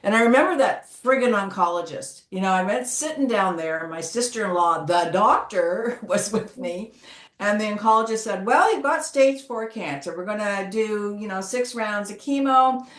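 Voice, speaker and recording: Woman guest speaker, candid and animated, roomy echoey call sound. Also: mid-range voice, moderate pace. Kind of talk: casual conversation. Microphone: video call.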